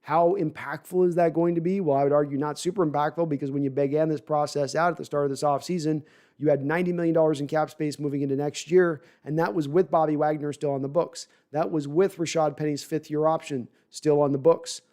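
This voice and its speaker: A man's voice: a little high, steady tone, brisk, a little mellow. A man hosting a live sports podcast, talking at length and reading chat comments, often repeating words as he restarts sentences.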